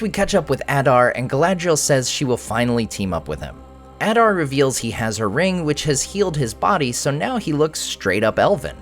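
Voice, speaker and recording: A man hosting a show breaking down a TV episode, with wry joking asides. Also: on the high side. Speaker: host.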